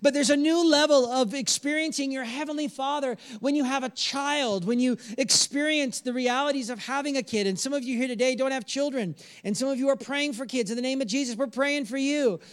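A man in his thirties preaching a sermon as pastor, animated and joking, with sudden soft, earnest passages. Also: very high voice, a little fast, hardly any pauses.

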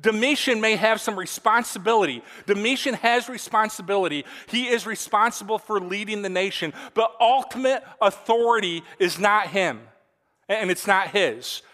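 Bright-voiced young male pastor preaching. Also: high voice, normal speed. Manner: earnest, conversational preaching with frequent "all right?" asides. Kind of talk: sermon. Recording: reverberant hall.

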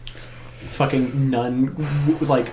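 A man chatting casually with friends, excitable and swearing often, quick to laugh. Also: medium pitch, slight background noise. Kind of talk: casual crude chat among friends. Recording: echoey room.

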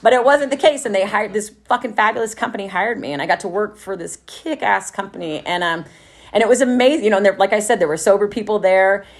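Brief: middle-aged woman, quick and profane, an animated recovery testimony with laughs. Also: mid-range voice. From Texas. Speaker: speaker at a recovery meeting. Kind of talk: candid personal testimony.

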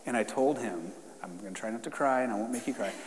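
A man's voice: medium pitch, fast talker, crowd noise. A man preaching a sermon to his congregation in a casual, conversational way, then leading a fervent prayer. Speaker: pastor. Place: church sanctuary. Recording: long reverb in a church hall.

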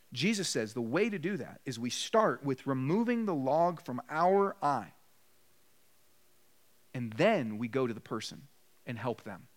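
A man's voice: fairly high pitch, a bit bright. Earnest male pastor preaching. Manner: earnest, acts out quoted apologies in dialogue. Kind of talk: sermon. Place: church sanctuary.

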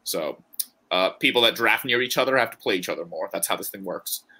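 A man's voice: deep voice, lively intonation, fairly quick, pushed and bright. A man co-hosting a podcast, chatting casually and joking as he rambles through his thoughts. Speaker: podcast co-host. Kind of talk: casual chat.

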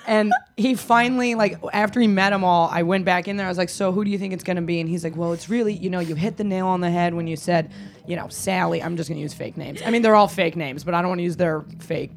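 A woman's voice: lowish voice, fast talker, gravelly. A woman who is a guest on a podcast, casually telling stories and laughing often. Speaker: dungeon worker guest.

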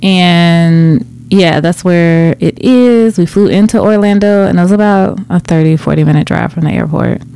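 Relaxed woman in easy podcast chat. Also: fairly low pitch, moderate pace, gravelly, hardly any pauses, clear, resonant tone. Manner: relaxed, brief agreeing replies. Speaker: podcast co-host. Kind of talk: casual chat.

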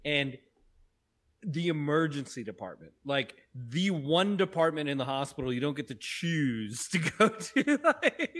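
A man's voice: a little high, sing-song, unhurried, a bit bright. A young man co-hosting a casual podcast, rambling and joking with profanity, sitting off mic. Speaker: podcast co-host. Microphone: sits off mic.

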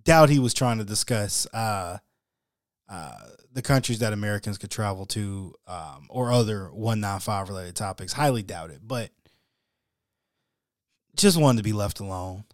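A male podcast host telling a story solo in a casual, animated, slangy and wry way. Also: lowish voice, moderate pace, no room sound, clean studio sound.

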